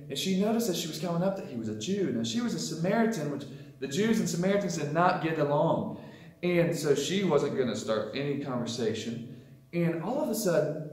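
A man's voice: fairly high pitch, a little mellow. A man teaching a Sunday school lesson, retelling a scripture story in a casual way and putting on voices for the people in it. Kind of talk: sermon storytelling. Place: church. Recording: echoey room.

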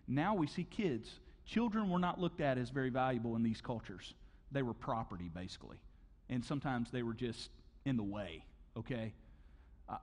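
Pastor, man, middle-aged, slightly high voice, conversational preaching, long church-hall reverb. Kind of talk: sermon. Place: large church auditorium.

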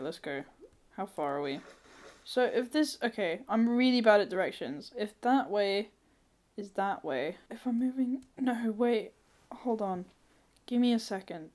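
A woman giving casual let's-play commentary, thinking aloud, swearing freely and breaking into sudden excited squeals. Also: mid-range voice, unhurried. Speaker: gamer.

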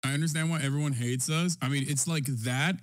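A loud, profane male streamer in his thirties, riffing on clips for his viewers. His voice is fairly high for a man, and he talks into a desk mic in a casual, animated way. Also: fairly quick.

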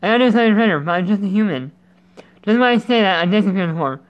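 A man's voice: high-pitched, animated, fast, highs cut off. A man hosting his gaming channel with casual let's-play commentary, rambling and goofy, breaking off mid-thought. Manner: rambling, self-interrupting, goofy.

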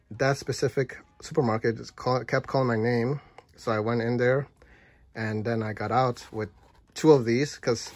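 A man's voice: medium pitch, no echo. Rambling man telling a story. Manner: rambling, full of fillers and restarts. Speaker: food reviewer.

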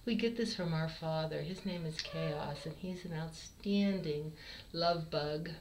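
An easygoing little girl kitten chats about her family, as a woman puts her on. Her voice is gentle and matter-of-fact, slow and on the low side. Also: a little hiss or hum, poor audio.

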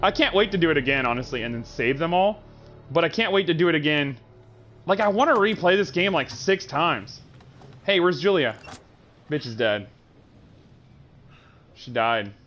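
A man streaming a game live, chatting in an animated, joking and profane way. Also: fairly high pitch, normal speed, pauses often, faint music behind. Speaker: gaming streamer. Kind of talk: casual live-stream commentary.

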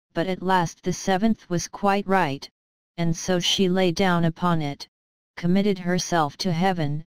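A woman's voice: lowish voice, smooth, dry recording, rough recording. A woman narrating a fairy tale in careful, evenly paced scripted narration for English learners. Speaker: storybook narrator.

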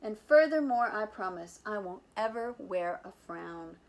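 A fussing, tearful male school principal from a children's picture book, as a woman reads his part. He speaks in a worried, mournful way, a little lower and quieter than the reader, with a lively swing in pitch. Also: unhurried. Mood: proud. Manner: anxious, mournful storybook delivery.

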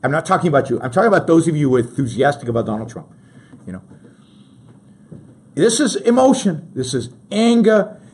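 A man's voice: a little high, sing-song, fairly quick, long pauses, a little mellow, slight background noise. A man hosting a talk show, giving emphatic political commentary and addressing his listeners directly, often restarting his sentences.

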